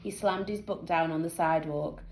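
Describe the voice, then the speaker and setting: A woman teacher reading a children's book aloud with lively storytelling. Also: low-pitched, moderate pace, roomy sound, rough recording.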